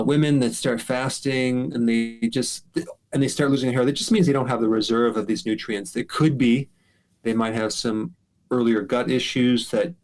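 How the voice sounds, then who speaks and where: Casting: middle-aged male host, mid-pitched voice, easygoing and explanatory, takes callers' questions live. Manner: relaxed, explanatory, filler-heavy. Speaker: health show host answering callers. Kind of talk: casual live Q&A advice.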